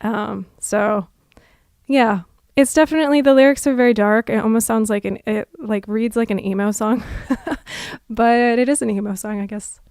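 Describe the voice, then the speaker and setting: A young adult woman, a musician, chatting casually and reflectively on a livestream, with frequent fillers and soft laughs. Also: on the high side, steady tone, moderate pace, smooth, dry recording, clean studio sound.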